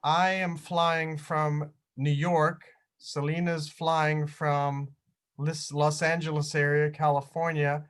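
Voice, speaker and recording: Host, male, slightly high voice, upbeat and jokey, leading a group video call. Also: little pitch movement, slow pace, a bit bright. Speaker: host of a virtual tour. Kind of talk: casual chat on a video call.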